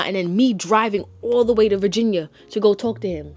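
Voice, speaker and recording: Brief: young woman vlogger, fairly high voice, sassy and exasperated, soft music under her. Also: lively intonation, fast talker, no room sound. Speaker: TV review vlogger. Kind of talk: casual chat.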